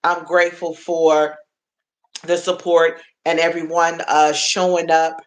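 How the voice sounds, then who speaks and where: A woman's voice: low-pitched, little pitch movement, a little slow. Chatty motherly woman streaming live. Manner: chatty, laughs often, talks to chat viewers by name; motherly and affectionate, like an auntie. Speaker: livestream host. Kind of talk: casual livestream chat with viewers.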